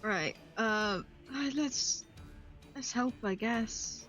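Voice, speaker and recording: A woman's voice: very slow, a bit bright, lo-fi sound, faint music behind. A woman chatting casually as a player in a tabletop game, exclaiming freely. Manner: chatty, exclaims with big pitch swings.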